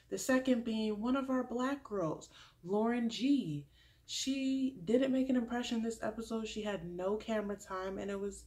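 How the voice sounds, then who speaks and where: A young woman vlogger recapping a reality show in a chatty, animated way, often laughing and acting out what people said. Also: mid-range voice. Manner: chatty, laughs often, drops into quoted voices. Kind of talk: animated casual recap with acted-out quotes.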